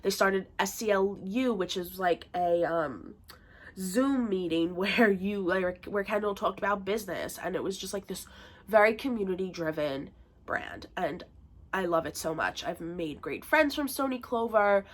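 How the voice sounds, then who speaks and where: A woman's voice: mid-range voice, a little slow. A young woman with a nasal, congested voice from a bad cold, chatting casually in a home vlog with lots of fillers. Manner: chatty, rambling, with frequent fillers. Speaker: vlogger. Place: bedroom at home.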